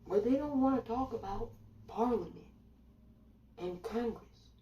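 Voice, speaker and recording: A woman's voice: a little high, a little slow, dull audio. A woman giving a blunt, sardonic opinion monologue as a commentator. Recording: roomy sound from a distance.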